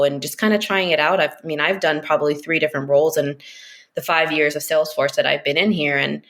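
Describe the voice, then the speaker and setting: Quick, chatty low-voiced woman. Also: fairly bright tone. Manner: quick and chatty, frequent "like" and "um", laughs easily. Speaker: podcast guest, business analyst. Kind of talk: casual interview chat.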